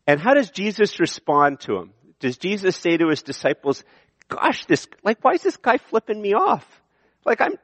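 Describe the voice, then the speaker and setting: A male pastor giving a sermon in an animated, conversational way, often correcting himself mid-sentence. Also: medium pitch, no room sound.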